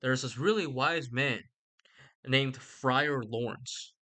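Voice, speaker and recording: A man's voice: medium pitch, takes it slowly, sharp tone. A young man giving a rambling, sarcastic comedic recap of a book, swearing casually and putting on voices for the characters.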